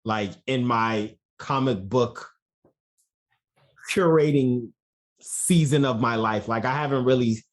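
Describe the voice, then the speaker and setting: A man hosting a casual podcast, playful and quick to laugh. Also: medium pitch. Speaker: podcast host. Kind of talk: casual chat.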